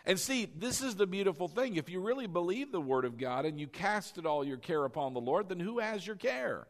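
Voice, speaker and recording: A man preaching a sermon as pastor, animated and coaxing his congregation to repeat lines after him. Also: high-pitched, a little fast.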